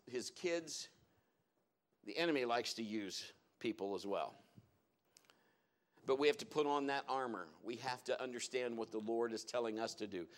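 A man's voice: mid-range voice, fairly bright tone. A man preaching a sermon to his congregation in a church, telling folksy stories as he goes. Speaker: pastor.

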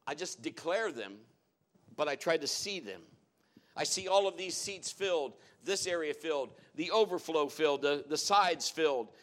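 Folksy male preacher, slightly high voice. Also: lively intonation, normal speed, fairly bright tone. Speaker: pastor. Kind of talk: sermon. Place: church sanctuary with congregation.

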